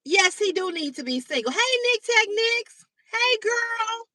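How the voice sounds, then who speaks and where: A woman hosting a livestream, telling a story to her chat in a blunt, animated way, swearing freely and greeting viewers by name. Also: very high-pitched, a little slow, no room sound. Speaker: livestream host. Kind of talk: casual storytelling to live chat. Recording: dry, slightly distant mic.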